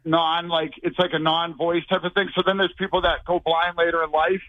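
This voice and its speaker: A man's voice: fairly high pitch, flat delivery, brisk, no room sound. A man with a Boston accent calling in to a talk show, slightly out of breath, rambling and talking over the host. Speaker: caller. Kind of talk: phone call to a talk show. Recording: tinny phone line.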